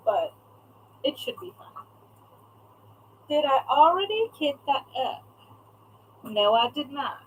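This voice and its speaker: A woman's voice: a little high, fairly bright tone, a little hiss or hum, poor audio. A young woman chatting casually on a live stream as a craft shop owner, reading out viewer comments and swearing now and then.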